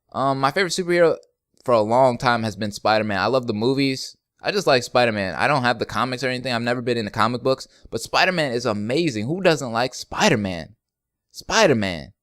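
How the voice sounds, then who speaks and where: A man's voice: mid-range voice, clear, resonant tone, no room sound, clean studio sound. Laid-back young man answering fan questions. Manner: laid-back, joking, rambling, laughs often. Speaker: YouTube gaming channel host. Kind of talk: casual Q&A vlog.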